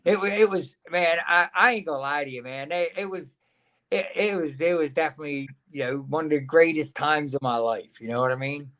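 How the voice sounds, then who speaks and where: A man's voice: on the high side, brisk, a bit bright. A man, a guest telling stories in a folksy, laughing way. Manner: folksy, laughs often, acts out quotes. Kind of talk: casual storytelling chat.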